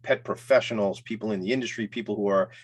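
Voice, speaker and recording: A man hosting a casual talk show, hyped, loud and playful. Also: fairly low pitch, fast, background noise. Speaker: host.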